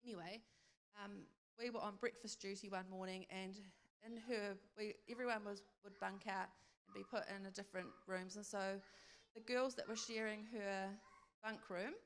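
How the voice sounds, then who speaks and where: Woman speaker, storytelling church talk, some vocal fry, hall reverb. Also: steady tone, normal speed, a little hiss or hum. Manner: storytelling, acts out dialogue in a higher voice. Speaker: speaker sharing a testimony.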